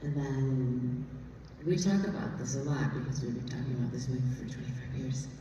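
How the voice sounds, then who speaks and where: A woman's voice: extremely low pitch, fairly even intonation, a little fast, mellow, slight background noise. A woman speaking as guest at a live theater Q&A, chatty and candid, swearing and laughing freely. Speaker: screenwriter guest. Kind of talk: live Q&A on stage. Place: large theater stage. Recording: echoey theater hall, far off, dull sound.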